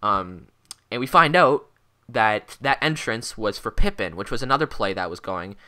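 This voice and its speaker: A teenage boy in his mid-teens telling a rambling, excitable story in a casual vlog, swearing constantly and filling gaps with "like" and "um". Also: fairly low pitch, moderate pace. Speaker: vlogger.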